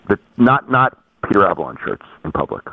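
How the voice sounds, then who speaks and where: Guy rambling on a call, husky, lively ups and downs, super tinny phone sound. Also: on the low side, no room sound. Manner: rambling, halting restarts. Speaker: podcast guest. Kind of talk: casual storytelling.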